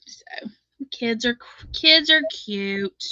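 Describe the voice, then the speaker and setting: A woman's voice: fairly high pitch, animated, very slow, sharp tone, dry recording, highs cut off. A middle-aged woman with a Southern drawl, chatting casually as host of a live crochet stream, laughing often and reading viewer comments aloud.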